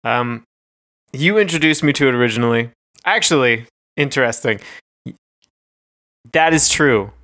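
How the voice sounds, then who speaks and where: A man's voice: mid-range voice, animated, normal speed, pauses often, bright, forceful tone, no echo, clean studio sound. A man co-hosting a podcast, chatting casually and telling stories in a rambling, hesitant way full of fillers. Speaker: podcast co-host. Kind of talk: casual chat.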